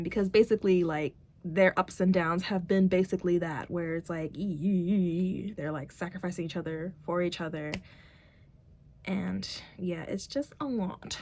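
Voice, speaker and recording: A woman's voice: fairly low pitch, normal speed, dark tone. A woman vlogger chatting casually, rambling with many fillers as she retells a story. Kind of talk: casual chat.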